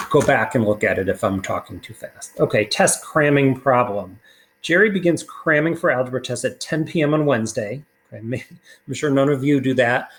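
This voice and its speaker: A man's voice: medium pitch, slight background noise, low-quality recording. A man teaching a recorded math lesson, talking casually through worked problems with fillers along the way.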